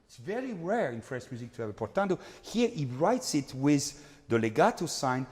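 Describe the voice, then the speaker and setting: A man's voice: mid-range voice, normal speed. A man teaching an opera master class, scatting rhythms and singing phrases to show the singers what he wants. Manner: animated, scats rhythms and sings phrases to demonstrate. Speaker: vocal coach. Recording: reverberant hall.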